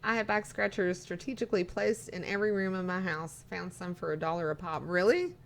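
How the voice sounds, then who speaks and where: A woman's voice: fairly low pitch, a little fast, gravelly. Chatty woman streamer rambling casually. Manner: chatty, rambling, reads viewer messages aloud. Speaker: live streamer. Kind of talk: casual live-stream chat.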